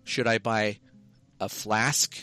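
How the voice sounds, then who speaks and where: Guy cohosting a podcast, bright voice, rambly and swears a lot, faint guitar behind. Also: lowish voice, steady tone, slow, smooth. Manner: rambling, profane, jokey storytelling. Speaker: podcast co-host. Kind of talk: casual chat.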